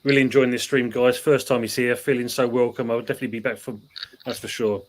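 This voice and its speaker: A male host reading out a viewer comment and thanking a departing guest at a brisk pace. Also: mid-range voice, level tone, a little hiss or hum. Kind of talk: reading out live chat.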